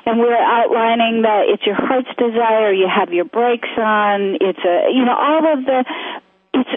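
A woman co-hosting a call-in advice show, talking gently and searching for her words as she goes. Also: a little high, a little slow, no room sound. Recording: phone-line audio.

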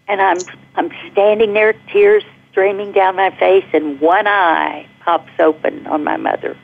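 A middle-aged woman calling in to a radio talk show, telling a personal story with animated energy and laughing as she goes. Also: medium pitch, a little slow, gravelly. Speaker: caller guest. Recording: tinny phone line.

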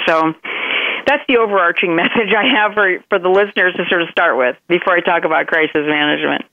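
An earnest woman speaking as a guest consultant, her voice with a gravelly edge. She talks reflectively and leans on repeated phrases to drive her point home. The sound is a dry, tinny phone line. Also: fairly low pitch, dry recording. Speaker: guest consultant on crisis management. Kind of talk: podcast interview over phone.

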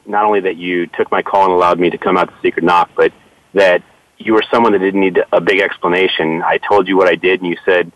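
A man's voice: deep voice, no echo. A man asking questions in a casual interview, hesitant, with many fillers and restarts. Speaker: interviewer and photographer. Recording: dull lo-fi dry sound.

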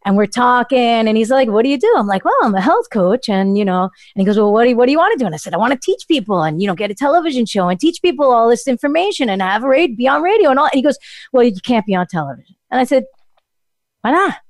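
Lively middle-aged woman health coach. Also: on the high side, racing, few pauses, no echo, clean studio sound. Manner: animated storyteller, laughs often. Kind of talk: casual chat.

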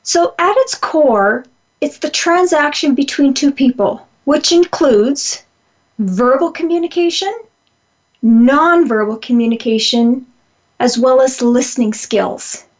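A woman with a high voice teaches a lesson on communication at an unhurried pace. She talks in a conversational way, circling back to her main points and filling pauses with ums. The audio is a little dull and lo-fi. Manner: conversational, repeats key points, frequent ums. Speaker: communication trainer. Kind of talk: lecture-style presentation.

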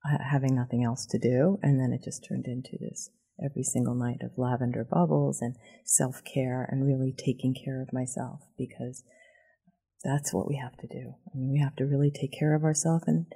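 A woman speaks in a steady, flat, creaky voice with a mellow, dark tone. She sounds earnest and reflective as a guest in a relaxed chat. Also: extremely low pitch, a little fast. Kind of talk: casual group talk.

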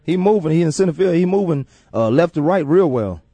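A man hosting a casual sports talk radio show, animated and repetitive as he makes his points. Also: fairly high pitch, fairly quick, slightly rough, no echo. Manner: animated, repeats himself.

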